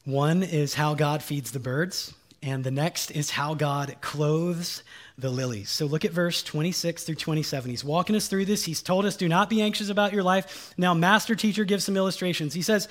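A male pastor preaching a sermon with a somewhat high voice. He leans on key phrases and says them twice, and he drops folksy asides. He keeps firing questions at the congregation. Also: moderate pace. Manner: emphatic, repeats key lines, quizzes the congregation.

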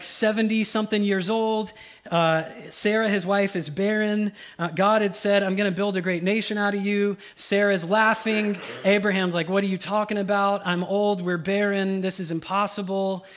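Middle-aged pastor, relaxed conversational preaching, high-pitched. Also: male voice. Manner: casual, conversational preaching with many asides; acts out voices of the people in his stories. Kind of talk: sermon.

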